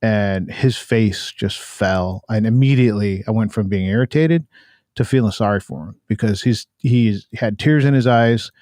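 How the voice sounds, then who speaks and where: A man with a low voice, recorded close and dry, telling a personal story. He talks in an earnest, reflective way, slowing down on the serious parts. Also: darkish tone, dry recording. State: in cancer treatment. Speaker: podcast co-host. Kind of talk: casual chat.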